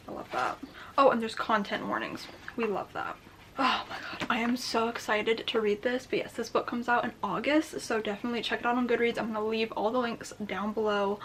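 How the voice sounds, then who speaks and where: A young woman chatting casually to camera at home in a writing vlog, gushing and gasping with excitement now and then. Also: on the high side, slight background noise, low-quality recording. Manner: chatty, gushing with excitement, gasps and soft exclamations. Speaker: booktube vlogger and writer. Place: home, at a desk.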